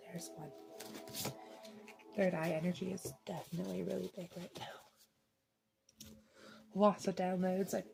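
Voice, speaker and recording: A woman's voice: on the low side, gravelly. A woman in her thirties doing a casual tarot reading, chatty and rambling, often laughing. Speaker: tarot reader.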